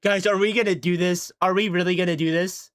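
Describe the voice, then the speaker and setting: A man's voice: high voice, steady tone, a little fast, fairly bright tone. A man livestreaming in casual chat, talking to his viewers in a self-mocking way from his home setup into a desk microphone. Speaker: streamer.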